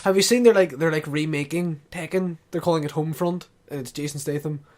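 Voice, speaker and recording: A man's voice: a little high, fairly quick, darkish tone. A man from the UK chatting casually on a gaming podcast, hesitant and laughing often. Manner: hesitant, laughing, lots of fillers. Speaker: podcast host. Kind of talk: casual chat.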